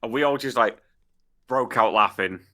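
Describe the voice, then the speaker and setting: Bright-voiced young man telling stories. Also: mid-range voice, moderate pace. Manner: animated storytelling, frequent agreement and swearing. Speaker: podcast co-host. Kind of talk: casual chat.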